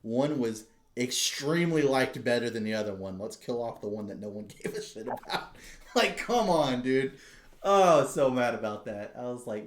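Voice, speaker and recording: A man co-hosting a podcast, telling stories in an excitable, profane casual chat. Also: medium pitch, fairly quick, roomy sound. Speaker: podcast co-host.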